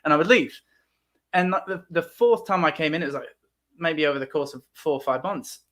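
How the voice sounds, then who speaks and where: A man from Ohio hosting a video-call chat, telling lively anecdotes and acting out voices. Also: fairly high pitch, fairly quick. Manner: animated, acts out voices in anecdotes. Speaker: host. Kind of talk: casual storytelling chat.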